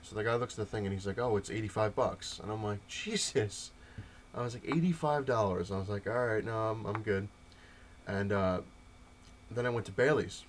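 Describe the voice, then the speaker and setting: A young man with a lowish voice tells a rambling story, packed with fillers and quoted back-and-forth. A faint hum sits under the recording. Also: fairly even intonation, fairly quick. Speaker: comic collector vlogger. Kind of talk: casual update rant to camera.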